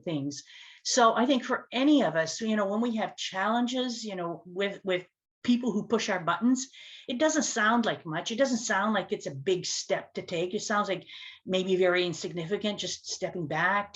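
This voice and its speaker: A woman speaks to her audience in an animated storytelling way. Her voice leaps up and drops low as the story goes on. The recording is a little dull and lo-fi. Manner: animated storytelling with big pitch swings. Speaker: speaker and communication coach. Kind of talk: storytelling talk to camera.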